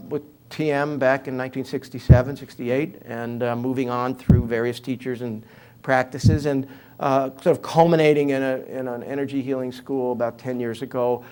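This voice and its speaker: A man's voice: mid-range voice, steady tone, moderate pace, smooth. A man in his seventies with a New York accent, telling humorous stories as an interview guest. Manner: humorous storyteller, conversational with fillers. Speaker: author and guest speaker. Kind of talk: interview talk, anecdotal.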